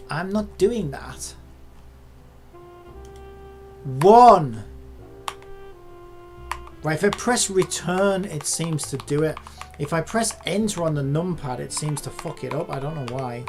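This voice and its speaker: A content creator talking casually while working at a computer, muttering and swearing at the software in exasperation. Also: medium pitch, measured pace, faint music behind.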